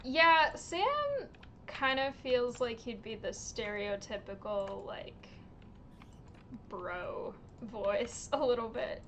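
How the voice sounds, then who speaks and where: A woman livestreaming a game, chatting casually in an unhurried way, with lots of little laughs and ums. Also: on the high side, a bit bright, a little hiss or hum. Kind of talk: casual chat while streaming a game.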